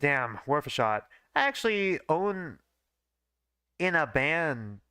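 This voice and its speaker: A man's voice: fairly high pitch, very animated, slow pace, pushed and bright, smooth, no echo, clean studio sound, heavily acted. A man voicing a pushy, boastful young male skateboarder who plays in a punk band, talking casually. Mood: brash.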